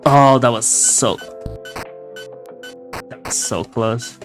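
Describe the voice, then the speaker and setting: A man hosting a live gameplay podcast, reacting loudly, swearing at the game and laughing often. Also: mid-range voice, very slow, music in the background. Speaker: podcast host and streamer. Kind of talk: casual live gameplay chat.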